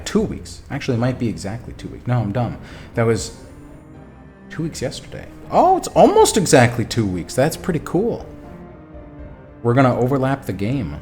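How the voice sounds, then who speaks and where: A man streaming a text adventure, reading the story aloud and talking back to his chat, animated and quick to swear. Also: lowish voice. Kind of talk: reading a game aloud and chatting with viewers.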